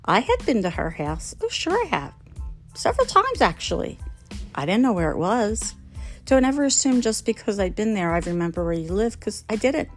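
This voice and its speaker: A middle-aged woman with a medium-pitched, very animated voice tells comic stories about her own mistakes at a moderate pace, faint music behind her. As the host, she laughs at herself often and acts out the voices of the people involved.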